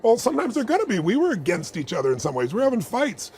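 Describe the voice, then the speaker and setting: A middle-aged man telling stories in an interview, animated and acting out the people he quotes. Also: rapid-fire, a little hiss or hum. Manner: animated, acts out quoted people in high voices. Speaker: guest. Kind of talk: storytelling in a conversation.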